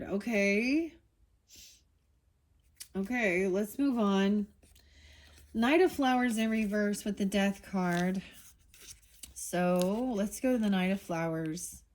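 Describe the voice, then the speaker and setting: A woman reads tarot cards in loose, casual talk. She rambles, starts sentences over and turns blunt and heated, swearing as she goes. Her voice sits at an ordinary middle pitch. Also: darkish tone. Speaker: tarot reader.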